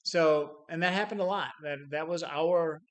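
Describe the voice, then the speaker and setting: A middle-aged sales trainer gives an unscripted talk, his voice on the high side and his pace moderate. He tells stories with acted-out quotes, chuckles, and keeps restarting phrases and repeating words.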